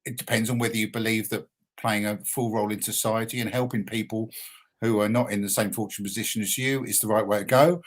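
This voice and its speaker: A man's voice: on the low side, fairly even intonation, fast. An older man, a punk poet and musician, talking earnestly and plainly as a guest in a radio interview. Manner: earnest, emphatic, plain-spoken.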